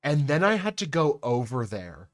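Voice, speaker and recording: A man's voice: medium pitch, sing-song, normal speed. A young man chatting casually on a live stream, telling a rambling story full of swearing and asides to his chat.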